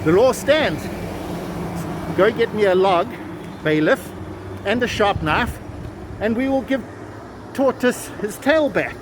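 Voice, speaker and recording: A man's voice: sits high, animated, slow, long pauses, pitched above the performer's own voice. A man voicing a stern male magistrate in a folk tale, pronouncing his ruling. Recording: street traffic noise behind.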